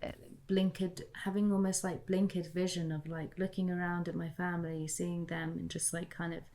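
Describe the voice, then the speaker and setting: A woman's voice: on the low side, little pitch movement, normal speed, warm tone. A woman from the UK in a casual, reflective conversation, talking chattily and saying "like" often. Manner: chatty, heavy use of "like". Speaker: guest.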